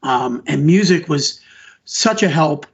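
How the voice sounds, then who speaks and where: Middle-aged man, teacher type, slightly high husky voice, earnest and rambling in an interview, dull recording. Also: expressive, takes it slowly. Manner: earnest, rambling, restarts sentences. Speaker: elementary school teacher. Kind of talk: conversational podcast interview answers. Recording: dull lo-fi audio.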